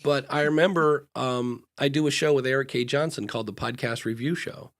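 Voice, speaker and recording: A man of middling pitch chats casually as co-host of a live podcast advice show. He talks frankly and loosely, with plenty of ums and restarts. He often slips into quick acted-out exchanges between himself and the people he coaches. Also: a bit bright. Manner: acts out little back-and-forth dialogues in changing voices; frank, loose talk with frequent fillers and restarts.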